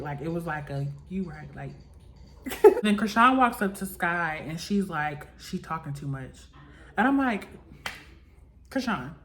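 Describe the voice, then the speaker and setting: A young woman in casual chat, recapping a reality show, talking loosely with lots of "like" and acting out what people said. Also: fairly low pitch. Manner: chatty, full of "like" and acted-out quotes.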